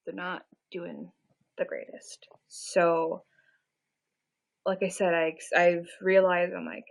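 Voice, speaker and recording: A woman's voice: on the low side, fairly even intonation, measured pace, vocal fry, low-quality recording. A woman in her twenties chatting casually on a live stream, self-deprecating and full of fillers. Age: 20s. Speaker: livestreamer.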